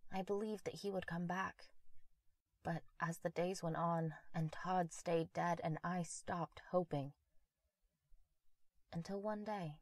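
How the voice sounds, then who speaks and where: A woman with a fairly low voice narrates a horror story in a measured, quiet, intimate manner. She is recorded on a close mic, and the sound is dry and free of room echo.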